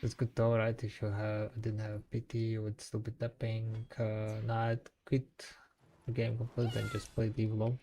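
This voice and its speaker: A man's voice: on the low side, completely flat delivery, normal speed, mellow, a little hiss or hum. A man streaming a game live, chatting casually and answering his viewers. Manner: chatty, answers viewers' chat between play. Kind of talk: casual live-stream chat while gaming.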